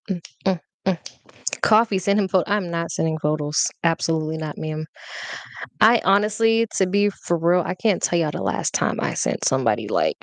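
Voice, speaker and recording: A woman's voice: fairly low pitch, lively intonation, moderate pace, no echo. A young adult woman hosting a live podcast, chatting casually and rambling playfully straight to her viewers. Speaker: podcast host.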